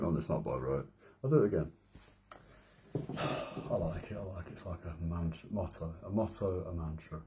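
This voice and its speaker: In this late-night home vlog, a thirtysomething man with a Midlands accent rambles on with self-deprecating asides. He speaks a little fast in a low, dark voice, and a slight hiss or hum is audible.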